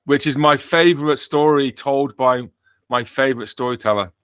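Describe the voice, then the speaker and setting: A man's voice: mid-range voice, moderate pace, fairly bright tone, clean tone, dry recording. A British man hosting a podcast in casual chat, joking and rambling with frequent self-corrections. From Britain. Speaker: podcast host.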